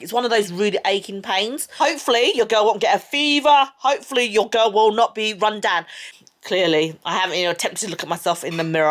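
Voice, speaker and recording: Chatty woman vlogging to camera. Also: medium pitch. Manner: chatty and emotional, confiding. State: out of breath. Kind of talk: casual vlog chat. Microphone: handheld camera.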